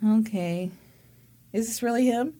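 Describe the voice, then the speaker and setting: A woman's voice: a little high, measured pace, mellow. A woman co-hosting a podcast, reacting and joking in casual chat. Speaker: podcast co-host.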